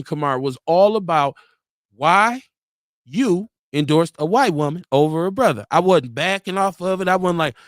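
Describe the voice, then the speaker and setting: Man, stream host, loose and animated, reads viewer comments, laughs a lot, dry sound. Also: high voice, moderate pace, dry recording. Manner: loose, animated, laughs often, acts out quotes. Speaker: host of a live talk stream. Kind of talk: casual chat, reading viewer comments aloud. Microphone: streaming mic.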